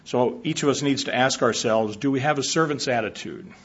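A man with a husky, mid-pitched voice delivers a sermon in a measured, reflective way, pausing on fillers as he works through his points. The recording is dull and lo-fi, as if taken from a hall. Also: a bit bright. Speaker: preacher.

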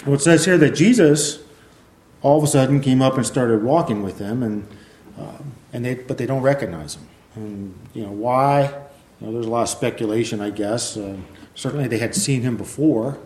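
A man with a warm, mellow voice gives a sermon, talking in a loose, conversational way and filling his speech with small asides. He reads scripture aloud between his own comments. The sound carries a roomy echo, as in a church hall. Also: medium pitch, normal speed. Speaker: preacher. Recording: echoey room.

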